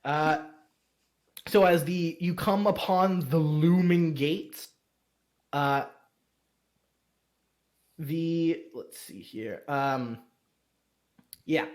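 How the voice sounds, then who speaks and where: A man narrating a tabletop game as game master, halting and stopping often to search for words. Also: on the high side. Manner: halting, full of fillers.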